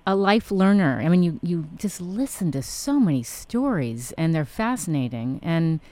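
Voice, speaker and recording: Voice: mid-range voice, big pitch swings, moderate pace, warm tone, no echo. An interviewer who mostly gives brief encouraging interjections.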